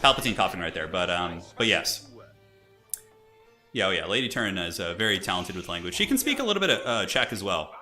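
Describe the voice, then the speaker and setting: A young man streaming and chatting excitably as he commentates a multiplayer strategy game, laughing often. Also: deep voice, a little fast, faint music behind.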